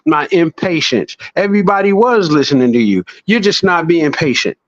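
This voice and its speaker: A man in a casual podcast chat, swearing freely and preaching with animated storytelling. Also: mid-range voice, normal speed, hardly any pauses, no echo, muffled recording.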